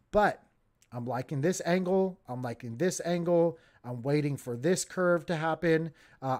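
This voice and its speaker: A man hosting a casual crypto livestream, giving excitable, jokey market commentary straight to his viewers. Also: on the high side.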